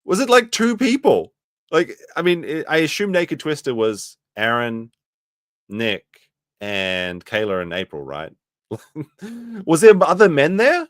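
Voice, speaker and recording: A man hosting a commentary stream, reacting sarcastically to a clip, jumping between loud outbursts and muttered asides. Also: fairly high pitch, very animated, slow pace, dry recording, clean studio sound.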